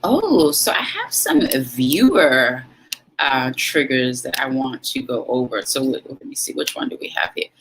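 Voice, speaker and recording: A woman's voice: rumbling low, lively intonation, a little slow, a little hiss or hum, rough recording. A woman hosting her own vlog, telling a story in an emphatic, dramatic way and acting out what people said. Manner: dramatic, emphatic, acts out quotes. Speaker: vlog host.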